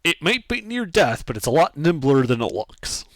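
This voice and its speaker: A man acts as game master, calling for rolls and handing down rulings in a matter-of-fact way. His pitch swings in a lively way as he talks. The sound is close and dry, with no room around it. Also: normal speed, no room sound. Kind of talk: running a tabletop game over voice chat.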